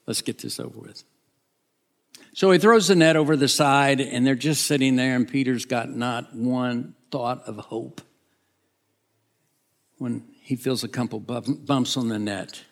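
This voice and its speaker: Gravelly preacher telling a story. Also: male voice, mid-range voice, fairly even intonation, unhurried. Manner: dramatic retelling, voicing characters, dropping to a whisper. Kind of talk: storytelling sermon.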